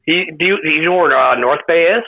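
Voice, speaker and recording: Canadian guy on a podcast, kinda high voice, muffled lo-fi audio, lots of uhs. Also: fast talker. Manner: hesitant, many fillers. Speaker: podcast guest. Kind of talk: casual chat.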